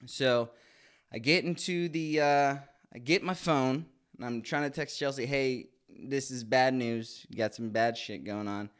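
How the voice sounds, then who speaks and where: A man's voice: medium pitch, fairly even intonation, normal speed, fairly bright tone, clear, resonant tone. A man in his late twenties telling a candid, crude, comic story with lots of swearing in a casual monologue. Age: 20s. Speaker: podcast host.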